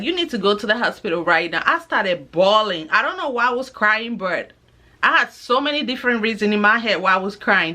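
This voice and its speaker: A young woman with a bright, fairly high voice tells a personal story straight to camera. She is casual and animated and slips into the voices of the people she quotes. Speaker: vlogger.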